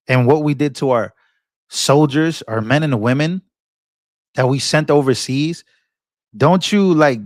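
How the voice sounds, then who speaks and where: Recorded dry with clean studio sound, this fairly high-pitched man is the host of a political commentary channel. He talks passionately but casually, often restarting, repeating himself, and launching into preachy rebukes.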